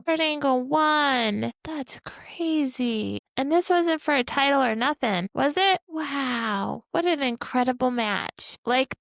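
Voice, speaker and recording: Brief: woman podcast host, casual watch-along commentary, excitable, a bit high with some vocal fry, dry close sound. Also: dry recording. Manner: excitable, exclaiming.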